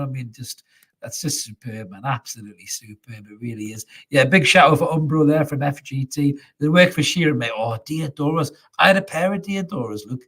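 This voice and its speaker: A man's voice: mid-range voice, fairly bright tone, breathy edge. A man hosting a casual football fan show, chatty, laughing often and calling people mate. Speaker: fan podcast host.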